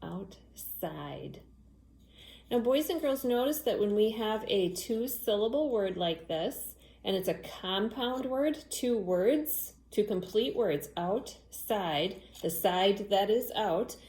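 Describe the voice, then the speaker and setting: Woman, children's phonics teacher; slow, patient delivery, echoey room. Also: mid-range voice, darkish tone. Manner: slow, clear, patient, spells out letters.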